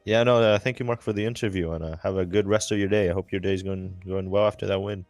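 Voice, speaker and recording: Quick and darkish in tone, this young man's low voice stays fairly level as he calls a racing livestream and then interviews a driver post-race. His style is loose and jokey, with lots of fillers and false starts. There's no echo, only soft music underneath.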